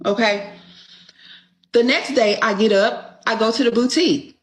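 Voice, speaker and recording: Slow-talking, blunt storytelling woman. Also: fairly high pitch. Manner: blunt, exasperated, swears freely. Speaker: podcast host. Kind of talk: casual storytelling chat.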